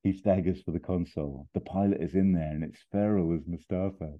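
Low-voiced man telling a comic story. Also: brisk. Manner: animated, laughs while telling the story. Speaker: podcast host pitching a film scene. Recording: tinny phone-like sound.

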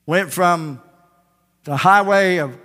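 Forceful, folksy preacher in a church hall. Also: male voice, sits high, slow pace. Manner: folksy, emphatic preaching with jokes. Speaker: pastor. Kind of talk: sermon. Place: church sanctuary.

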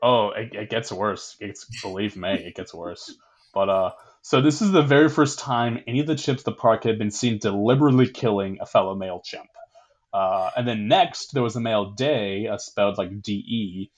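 A man's voice: lowish voice, a little fast. A young man hosting a casual history podcast, rambling with many fillers, laughing often and swearing casually. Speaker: podcast host.

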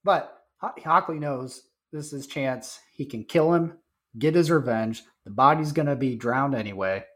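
A man's voice: medium pitch, moderate pace, a bit bright. A man co-hosting a podcast in casual film-review chat, blunt and terse, with short profane retorts. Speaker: podcast co-host.

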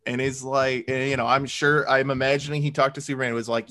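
A man co-hosting a podcast in casual chat, recapping a TV episode and acting out quick asides as he tells it. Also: mid-range voice. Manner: animated retelling, quick voiced asides. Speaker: podcast co-host.

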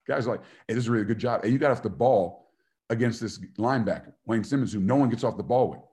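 A man's voice: mid-range voice, brisk, mellow. A middle-aged man, a former football player and coach, giving a motivational talk and telling stories, acting out the voices he quotes and laughing often.

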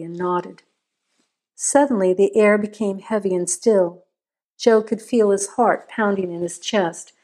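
A woman reading a crime story aloud in a steady, measured narration. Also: mid-range voice.

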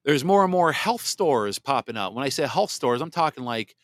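A man hosting a political commentary podcast, blunt and sarcastic, reading viewer comments aloud and sometimes mocking others in a shrill put-on voice. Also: very animated, normal speed, no room sound. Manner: blunt and sarcastic, mocks voices in exaggerated falsetto. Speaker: podcast host.

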